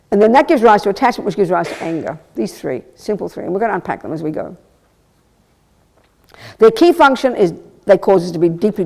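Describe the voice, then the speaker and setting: A Buddhist nun giving a live teaching, talking in an animated, emphatic way with rhetorical questions, wry blunt asides and stammered restarts. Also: female voice, fairly low pitch, gravelly. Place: teaching hall at a Buddhist centre.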